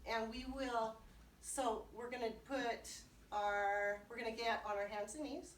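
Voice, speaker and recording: A woman's voice: on the high side, measured pace, slight background noise. A woman children's librarian leading a kids' music and movement class, cheerful and encouraging, with playful sound words. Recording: roomy sound from a distant mic.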